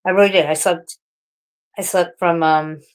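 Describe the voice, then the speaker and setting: A woman's voice: on the low side, steady tone, normal speed. A woman livestreaming casual chat, talking frankly in a rambling way and swearing often.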